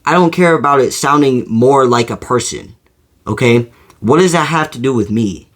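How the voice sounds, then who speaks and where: Rambling man with a slow, halting delivery. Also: medium pitch, lively intonation, fairly bright tone. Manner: rambling, full of fillers and restarts. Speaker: video creator. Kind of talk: casual opinion monologue.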